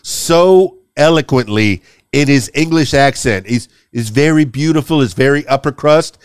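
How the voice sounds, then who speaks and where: A man's voice: medium pitch, expressive, normal speed, clean tone, no echo, studio quality. A man hosting a podcast interview, asking long, rambling questions full of anecdotes. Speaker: podcast host. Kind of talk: casual interview chat.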